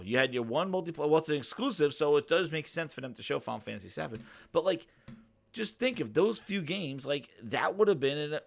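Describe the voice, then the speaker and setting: A man's voice: a little high, gravelly. A man hosting his own gaming channel, ranting casually in a rambling way, with frequent swearing and laughter. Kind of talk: casual reaction rant.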